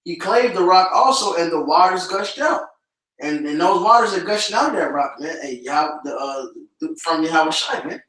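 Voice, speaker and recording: Man, street preaching, high voice, heavy echo, far from the mic, casual, says "man" a lot. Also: animated, normal speed, pushed and bright. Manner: casual, repeatedly tags lines with "man". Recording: echoey and distant from the mic.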